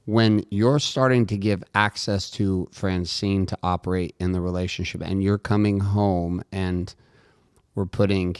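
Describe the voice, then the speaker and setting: A man with a very deep voice, co-hosting a podcast and asking thoughtful questions. He searches for words as he goes, and his recording sounds dry and close. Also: a little mellow, no room sound. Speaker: podcast co-host. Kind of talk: interview questions.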